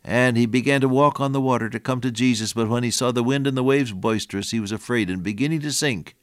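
A man's voice: medium pitch, quick pace, no room sound. Older male radio preacher, dry close mic, earnest sermon, dynamic emphasis. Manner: earnest, swells and drops in volume for emphasis.

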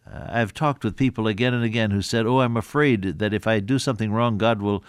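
An older man preaching a sermon in an earnest, folksy manner, asking rhetorical questions and clearing his throat now and then. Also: lowish voice, a little fast, dry recording, clean studio sound. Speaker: radio Bible teacher.

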